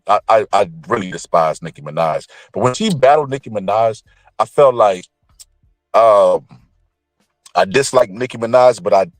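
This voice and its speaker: A man giving blunt, profane, opinionated celebrity commentary in an animated ranting manner. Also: lowish voice, no echo.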